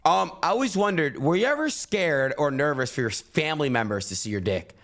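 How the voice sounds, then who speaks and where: A man co-hosting a stream interview, asking direct and teasing questions. His voice sits slightly high and swings up and down a lot. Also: big pitch swings, brisk, a bit bright. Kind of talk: casual live-stream interview.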